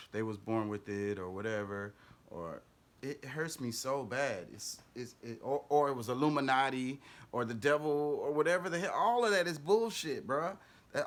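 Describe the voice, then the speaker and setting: A man's voice: fairly high pitch, fairly bright tone. A man hosting a casual reaction commentary, talking in an emphatic, repetitive, slang-heavy way. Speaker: commentary host.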